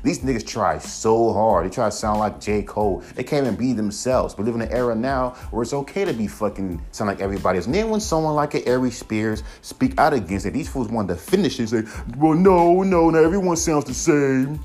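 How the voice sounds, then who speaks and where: A man's voice: lowish voice, lively intonation, fast, few pauses, a little mellow. A man hosting a solo podcast, ranting in a heated, profane way and mocking critics. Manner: profane, heated, mocks critics in put-on voices. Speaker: podcast host.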